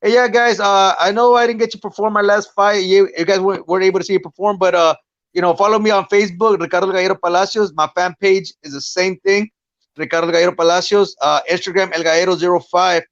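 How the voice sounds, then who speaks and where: A man's voice: high-pitched, fairly even intonation, fast, a bit bright, dry recording, muffled recording. A man, a guest fighter, chatting bluntly and profanely on a podcast, rambling through his points. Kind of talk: casual podcast chat.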